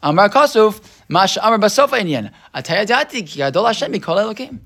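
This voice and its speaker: A man leads a casual scripture class, his voice sitting a little high. He rambles, restarts his sentences and keeps checking in with his listeners. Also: sing-song, quick pace, a bit bright. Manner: rambling, many restarts and tag questions. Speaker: Torah teacher.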